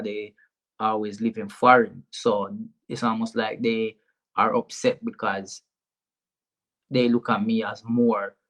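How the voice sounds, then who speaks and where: A man's voice: fairly low pitch, fairly bright tone. A young man with a Jamaican accent, a comedian guest speaking frankly and animatedly in a casual interview, often repeating words.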